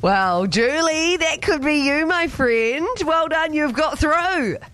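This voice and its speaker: A woman's voice: sits high, lively intonation, slow pace, a bit bright. Bubbly woman radio host. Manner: bubbly, soothing, sing-song. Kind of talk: upbeat radio chat. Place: radio studio. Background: music.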